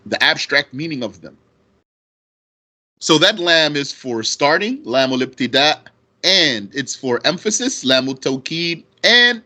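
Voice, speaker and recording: Slow, bright-voiced male grammar teacher. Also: fairly high pitch. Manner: slow, deliberate, repeats terms and asks rhetorical questions. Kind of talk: explaining grammar on a recorded lesson.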